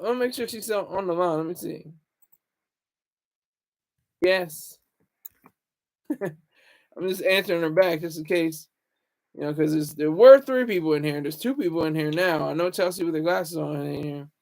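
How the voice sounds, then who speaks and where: A man hosting a casual livestream, rambling and talking back to viewer comments. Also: high voice. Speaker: livestream host.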